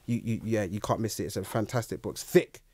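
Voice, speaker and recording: A young guest in a casual interview speaks fast in a lowish voice, animatedly telling his story and playing out his own reactions. The recording is dry and close.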